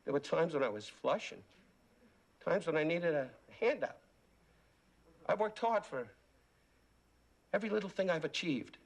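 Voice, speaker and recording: A sneering late-night talk host. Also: male voice, high-pitched, sing-song, normal speed, breathy edge, full character voice. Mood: wounded. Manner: mocking, sneering, theatrical. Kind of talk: 1980s sitcom acting. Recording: loud studio audience laughter.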